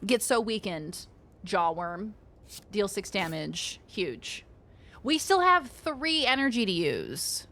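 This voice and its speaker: A woman streams a card game with casual live-stream chatter, her medium-pitched voice bright, forceful, slow and swinging widely in pitch. She banters playfully with viewers, swears, and reads card text aloud while playing.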